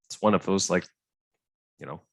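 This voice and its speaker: A man's voice: low-pitched, moderate pace, creaky, slightly rough, no room sound. A young man teaching an online biology tutorial in a chatty, hesitant way, full of fillers and "right?" checks with his students.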